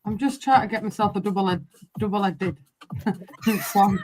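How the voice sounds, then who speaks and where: Hosting a live football watchalong, this Northern English woman talks in an unhurried, darkish voice of medium pitch, with a slight hiss or hum in the audio. Her chat is casual, blunt and full of swearing, and "I can't lie" comes up again and again.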